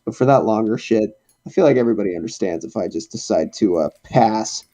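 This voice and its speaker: A man's voice: fairly low pitch, animated, a little fast, warm tone. A young man co-hosting a casual podcast from home, speaking bluntly and swearing freely. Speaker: podcast co-host. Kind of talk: casual chat. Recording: dull lo-fi mic.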